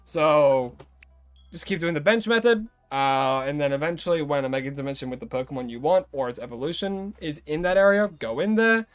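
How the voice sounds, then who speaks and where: A man with an Australian accent chats loosely through a live game stream, greeting viewers and catching his own slips as he goes. His voice sits somewhat high. Faint game music plays quietly under him. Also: expressive, fairly quick, no echo. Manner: chatty, greets viewers, rambles and corrects himself. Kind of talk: casual live-stream chat while playing.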